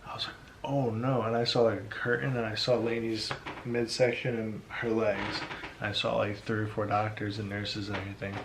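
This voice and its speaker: A young man with a somewhat low voice tells his part of the story casually and with energy, acting out what others said. Faint noise runs under the home recording. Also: normal speed. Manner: animated, acts out quotes, says like a lot. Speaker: vlogger, partner telling his side. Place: home at night.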